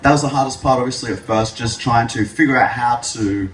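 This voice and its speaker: A young man giving a public speech, telling his story with lively jokes. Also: mid-range voice, a little fast. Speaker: speaker at an event. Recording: echoey hall, mic from a distance.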